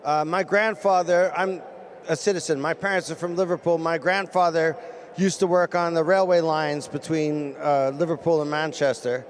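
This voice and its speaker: A man being interviewed as a celebrity guest, chatty and self-deprecating, with halting speech full of fillers, standing pitchside outdoors at a football stadium. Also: fairly even intonation. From Canada. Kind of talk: casual interview chat. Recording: loud stadium crowd noise.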